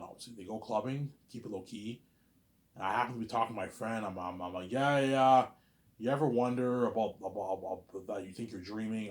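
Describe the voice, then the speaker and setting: Rambling man with a low voice. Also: darkish tone. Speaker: vlogger pitching a movie idea. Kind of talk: rambling casual monologue to camera.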